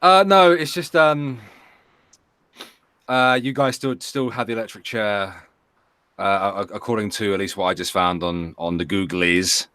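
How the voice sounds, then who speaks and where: A man's voice: on the low side, measured pace, pushed and bright, smooth, no echo. A man co-hosting a casual talk show, sharing news in a hesitant way with many fillers and dry humor. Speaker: co-host. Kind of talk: casual podcast chat.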